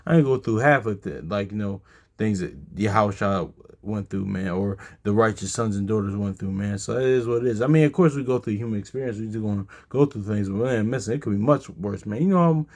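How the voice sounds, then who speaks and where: Speaking a little fast in a fairly low, darkish voice, a tired man teaches a casual Bible study. His talk meanders, packed with fillers, and he stops to read verses aloud.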